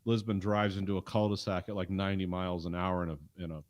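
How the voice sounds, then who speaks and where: Male podcast co-host, low-ish voice, loose rambling recap delivery, dry close sound. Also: level tone, fast, no room sound. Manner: rambling, conversational, with frequent fillers. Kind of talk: casual chat recapping a TV episode.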